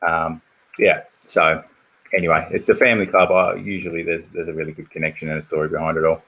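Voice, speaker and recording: He talks fast in a low-pitched, level voice with a sharp tone, an Australian host on a casual football podcast. The conversation is chatty and stat-heavy, full of fillers.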